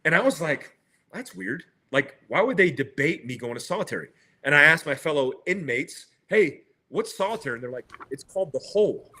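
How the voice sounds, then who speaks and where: Guest, male, middle-aged: lively storyteller, bright and slightly high voice, acts out dialogue. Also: a little fast. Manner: retells with quoted dialogue and laughs. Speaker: interview guest. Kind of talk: animated storytelling.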